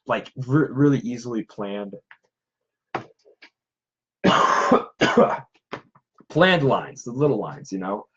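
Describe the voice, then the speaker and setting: A man's voice: mid-range voice, very animated, takes it slowly, long pauses, fairly bright tone, husky, lo-fi sound. A man who makes props and cosplays, chatting casually and in a self-deprecating way. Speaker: cosplayer and prop maker. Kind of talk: casual chat.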